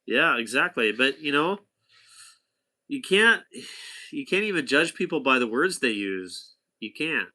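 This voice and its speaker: A man's voice: mid-range voice, big pitch swings, unhurried, bright, forceful tone. A man casually telling a rambling anecdote to a companion, chatty, with asides and restarts. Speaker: storyteller talking to a companion.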